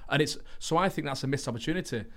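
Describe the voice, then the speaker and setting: A man's voice: a little high, very fast, a bit bright. A man talking as a podcast guest in a casual interview, earnest and rambling, often restarting his sentences. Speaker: podcast guest, actor and racing driver.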